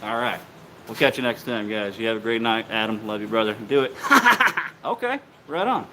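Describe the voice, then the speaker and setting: Laid-back swearing bladesmith host. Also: male voice, lowish voice, fast talker, slight background noise, low-quality recording. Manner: relaxed, joking, swears freely, many fillers. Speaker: host, bladesmith on a live stream. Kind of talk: casual live-stream sign-off.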